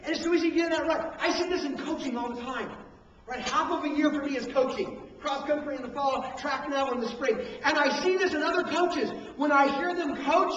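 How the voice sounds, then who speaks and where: A man preaching a sermon on parenting, switching between acted-out scolding and hushed emphasis, recorded from a distant camcorder. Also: very high-pitched, fairly quick, a little hiss or hum. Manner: animated preaching, acts out parents and coaches, drops to hushed emphasis. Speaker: pastor. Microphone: handheld camcorder from the room. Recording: echoey hall, distant camcorder mic, dull sound.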